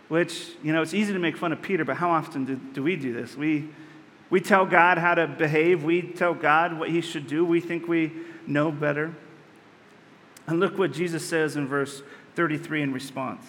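Guy pastor giving a sermon, pretty high voice, talks like a conversation, echoey hall. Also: moderate pace, a bit bright. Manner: earnest, conversational preaching with rhetorical questions.

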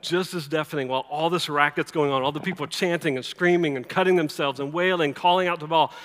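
A man preaching a sermon, emphatic and swinging between loud and hushed, with a playful sarcastic streak. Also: fairly high pitch, fast talker, hardly any pauses. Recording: reverberant hall.

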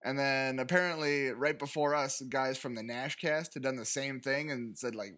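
An American man in his thirties trades dry, teasing jokes with his podcast co-host. His voice sits at a middle pitch with a bright, forceful tone. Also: moderate pace, few pauses. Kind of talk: casual chat.

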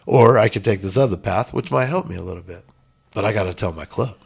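A man's voice: fairly low pitch, fast talker, creaky, darkish tone, husky. A man telling a personal story in a casual interview, blunt and emphatic with some swearing. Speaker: podcast guest.

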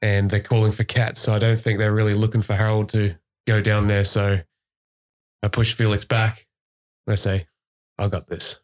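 A man's voice: on the low side, monotone, moderate pace. A man playing in a tabletop game, talking casually and thinking aloud about his moves. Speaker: player.

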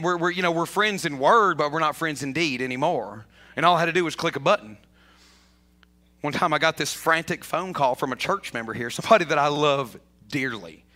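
A man preaching a sermon as a pastor, animated, often repeating himself and rising toward shouts. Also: on the high side.

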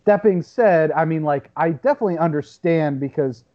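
A man's voice: on the high side, moderate pace, highs cut off. A man in his thirties discussing movies on a casual podcast, reflective and thinking aloud with frequent restarts. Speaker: podcast co-host.

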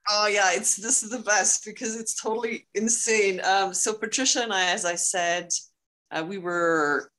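A woman from Quebec, a filmmaker guest, telling stories in a lively casual way and laughing easily. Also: mid-range voice, normal speed, low-quality recording. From Quebec, Canada. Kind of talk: casual interview storytelling.

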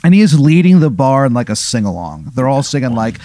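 A man's voice: mid-range voice, a little fast, dry recording. A young man running an improvised comic scenario as game master, casual and profane. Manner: casual, swears a lot, animated retelling. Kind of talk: improvised comedic storytelling.

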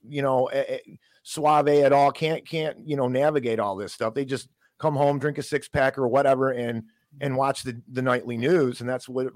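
A man's voice: medium pitch, dry recording. A man giving his political opinion casually, stumbling and repeating words as he goes. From United States. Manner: hesitant, repeats words, rises when emphatic.

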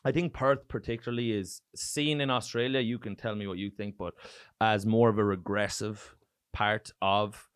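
Profane Irish comedian telling stories. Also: male voice, fairly low pitch, normal speed, clean tone, no echo, studio quality. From Ireland. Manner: profane, storytelling, animated. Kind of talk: casual podcast chat.

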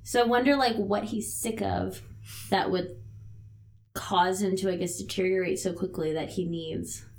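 A woman co-hosting a casual chat, recapping a drama episode in a relaxed way with casual swearing. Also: medium pitch, moderate pace, gravelly. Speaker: podcast co-host recapping a TV drama.

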